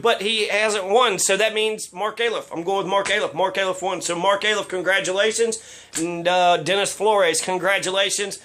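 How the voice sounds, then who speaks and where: A man's voice: sits high, bright, forceful tone. A man giving casual political commentary on local election results, blunt, sarcastic and given to swearing.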